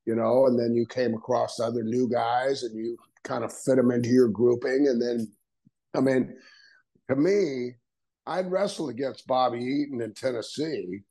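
A man's voice: medium pitch, moderate pace, mellow, rough recording. An older man, a guest on an interview podcast, telling stories casually and acting out quoted dialogue with frequent laughs. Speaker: guest, retired wrestler.

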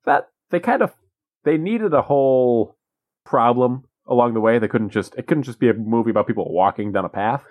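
A man's voice: mid-range voice, animated, brisk, a little mellow, dry recording, clean studio sound. A man co-hosting a podcast, recapping a movie in a rambling, wry casual chat. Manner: rambling, wry, acts out quotes. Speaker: podcast co-host.

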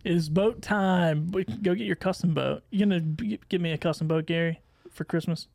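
A man's voice: fairly high pitch, fast, gravelly, darkish tone, no echo. A man co-hosting a fishing podcast, bantering and laughing easily. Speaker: podcast co-host. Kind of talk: casual podcast chat.

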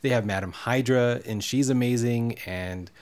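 A man's voice: medium pitch, moderate pace, darkish tone. A man in a casual chat giving enthusiastic, opinionated takes. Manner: opinionated, enthusiastic fan talk.

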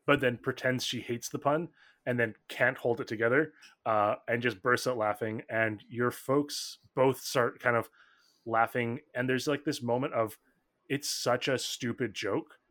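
Male game master, slow unhurried narration, rambling with fillers, mid-range voice. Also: medium pitch, fairly even intonation, a bit bright. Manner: rambling, filler-heavy, laughs often.

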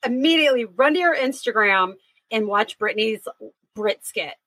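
A woman's voice: a little high, lively intonation, normal speed, a bit bright, low-quality recording. A woman co-hosting a podcast in casual chat, gushing and laughing often. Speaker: podcast co-host.

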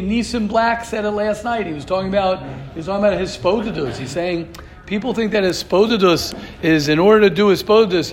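A man with a high, light voice leads an informal Torah class. He talks in a loose, conversational way, stacks rhetorical questions one after another and often restarts his sentences.

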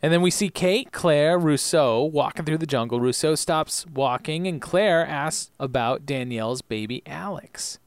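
A man co-hosting a podcast, casually recapping a TV episode and retelling its scenes with animated energy. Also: on the high side, measured pace, hardly any pauses, clean tone, no echo. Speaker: podcast co-host.

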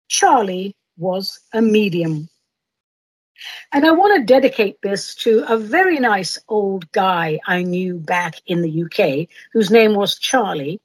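On her podcast, a woman host chats playfully and reads her own silly poetry aloud, poking fun at herself. Her voice sits on the high side and is slightly rough, with no echo in the recording.

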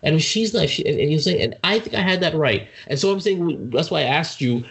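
A man's voice: fairly high pitch, fairly quick. Man telling a story with restarts. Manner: animated storytelling, frequent restarts. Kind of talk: casual chat.

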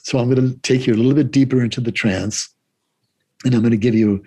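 A man quoting his therapist in a slightly raised voice, calm and matter-of-fact, explaining things. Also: medium pitch, fast talker, slightly rough. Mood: explanatory. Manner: reassuring, explanatory.

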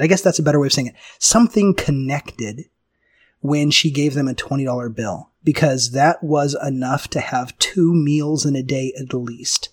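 A man hosting a casual talk, telling a personal story in an animated way, often restarting his sentences. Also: a little high, no echo. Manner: animated, self-interrupting storyteller with frequent restarts and laughs. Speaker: podcast host.

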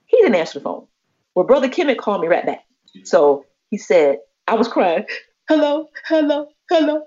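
A podcast co-host with a fairly low-pitched voice talks a little fast, casually sharing a personal story. She's animated and acts out what the other people said, and the lo-fi recording sounds slightly muffled.

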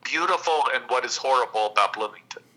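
A man from Texas, an actor and guest, telling stories in an unhurried, reflective interview. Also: medium pitch, expressive, bright, forceful tone, rough recording. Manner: unhurried, reflective, with long pauses.

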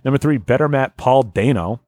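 A man's voice: mid-range voice, fairly quick, darkish tone, dry recording. A man hosting a casual podcast, reading listener lists aloud, joking and laughing often. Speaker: podcast host.

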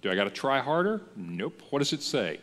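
A man preaching a sermon as a pastor, in a conversational, lively style that acts out the voices he quotes. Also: medium pitch, a little fast, long reverb tail. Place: church.

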